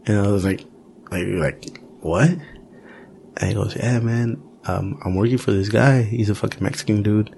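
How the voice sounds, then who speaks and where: A man's voice: fairly low pitch, steady tone, normal speed, gravelly, a little mellow, slight background noise. A man hosting a podcast in casual chat, telling loose, profane stories and acting out the quotes. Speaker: podcast host.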